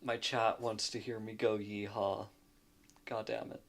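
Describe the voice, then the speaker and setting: Man, streamer, gravelly voice, profane joking banter, desk mic, home setup. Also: lowish voice, little pitch movement, a little slow. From Louisiana. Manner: joking, loud and profane, often laughing. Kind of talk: casual live-stream banter.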